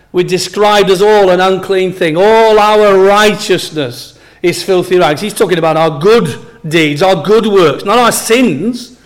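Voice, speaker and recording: Emphatic preacher, high voice. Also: male voice. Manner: emphatic, repeats key phrases slowly. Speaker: pastor. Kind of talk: sermon.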